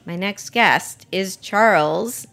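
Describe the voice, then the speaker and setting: A chatty woman hosts a podcast interview. Her voice sits at a middle pitch. She talks casually, trips over restarts and laughs easily. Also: takes it slowly, gravelly, fairly bright tone. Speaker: podcast host.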